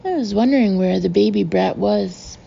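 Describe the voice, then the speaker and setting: A woman's voice: mid-range voice, normal speed, gravelly, dark tone, muffled recording, slight background noise. A woman doing a sneering villainous count. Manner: sneering, mocking. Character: scheming villainous adult male count.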